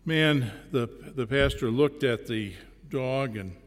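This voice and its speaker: A man preaching a sermon, telling a parable slowly and deliberately, with pauses between phrases. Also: medium pitch. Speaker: pastor. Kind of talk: sermon storytelling. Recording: long reverb in a large hall.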